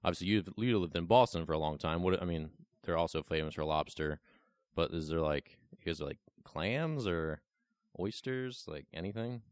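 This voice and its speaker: Deep-voiced young man hosting a podcast. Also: moderate pace, dry recording, clean studio sound. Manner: joking, teasing banter. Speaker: podcast host. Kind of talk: casual interview chat. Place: Bloomington, Illinois, remote call.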